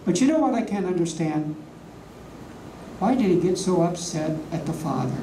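A preacher teaching a class from slides, leaning on slow, emphatic words and rhetorical questions. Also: medium pitch, big pitch swings, dark tone. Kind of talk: sermon with slides. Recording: echoey room, voice from a distance, faint hum.

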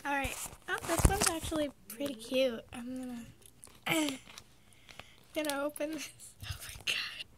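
A woman's voice: high-pitched, a little slow, long pauses, slight background noise. A teenage girl with a congested, sick voice, casually chatting through a toy unboxing vlog. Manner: chatty, giggly, amused. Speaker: vlogger.

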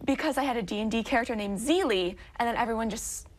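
A woman's voice: fairly high pitch, fast. A teenage girl from Oregon, answering interview questions in a chatty, playful way with fillers. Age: teens. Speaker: interview guest.

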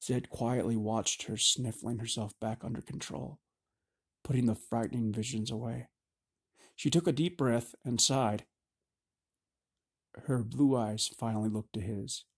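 A man narrating a fantasy audiobook in a steady, measured reading. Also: medium pitch.

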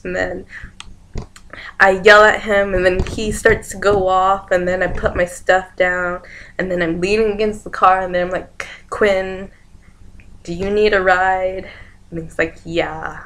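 A woman's voice: mid-range voice, level tone, a little slow, a bit bright. A young woman casually retelling a dream, rambling from one event to the next and acting out what people said. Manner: rambling, chains events with "and then", acts out quoted lines. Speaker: vlogger.

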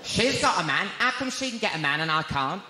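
A man's voice: high voice, big pitch swings, brisk, very noisy. Brief: male stand-up, camp and gossipy, shrieking peaks, roomy arena sound with a roaring crowd. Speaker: stand-up comedian. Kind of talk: stand-up comedy routine. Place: large arena before a live crowd. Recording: echoey arena, loud crowd laughter. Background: audience laughter.

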